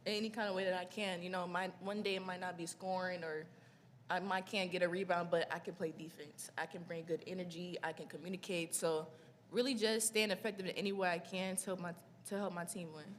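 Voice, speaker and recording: A woman's voice: on the low side, steady tone, a little fast. A young woman athlete speaks easily at a press conference, circling back to the same phrases. The room adds a long reverb and faint noise. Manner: easygoing, repeats phrases. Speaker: basketball player. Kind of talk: postgame press conference answers.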